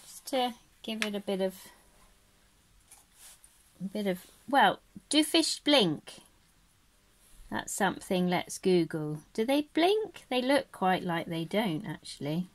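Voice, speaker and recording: A woman giving a casual craft lesson, chatty and gentle, rambling and correcting herself as she goes. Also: mid-range voice, sing-song, takes it slowly, pauses often. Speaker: craft teacher. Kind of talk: casual how-to tutorial.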